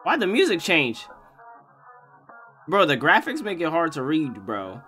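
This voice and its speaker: A man's voice: on the high side, huge pitch swings, measured pace, bright, forceful tone. A man casually commenting on a horror game he is playing, rambling in slang and calling everyone "bro". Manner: slangy, rambling jokey rants, says "bro" constantly. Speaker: gaming YouTuber. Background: game music.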